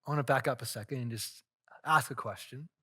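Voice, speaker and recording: A man preaching a sermon as pastor, telling a story earnestly with dramatic swings in loudness. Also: mid-range voice, a little fast, breathy edge.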